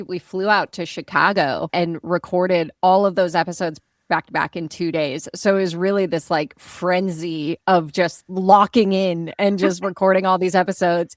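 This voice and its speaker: A woman's voice: on the low side, dry recording, clean studio sound. A woman from Maine, USA, chatting as a podcast guest in a bubbly way and laughing often. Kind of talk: casual interview chat.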